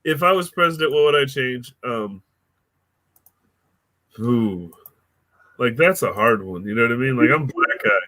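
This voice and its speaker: Bright-voiced joking American man. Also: medium pitch, expressive, a little slow, long pauses, no room sound. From United States. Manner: joking, swears freely, laughs often. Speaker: guest comedian and producer. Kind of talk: casual podcast interview.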